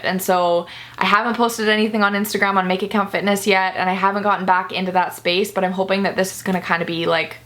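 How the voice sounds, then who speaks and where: A young woman speaks to the camera in a candid personal vlog, earnest and confessional, sometimes close to tears. Her voice is medium-pitched and a bit bright.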